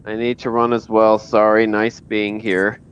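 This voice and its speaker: A man hosting his live stream, chatting casually with dry deadpan remarks. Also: on the low side, a little slow, muffled recording, slight background noise. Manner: dry, deadpan one-liners. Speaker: streamer, host.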